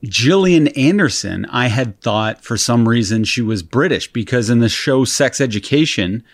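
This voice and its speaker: A laid-back man chatting on a podcast, amused and pausing now and then to find his words. His voice is recorded close, with a dry sound that has no room echo. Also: mid-range voice. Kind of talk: casual chat.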